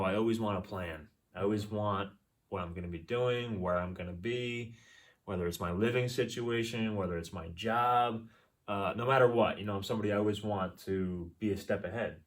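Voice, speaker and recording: A young man co-hosts a podcast in an easygoing way, his voice on the low side and picked up by a distant mic. During the casual chat he agrees a lot, using plenty of agreeing fillers.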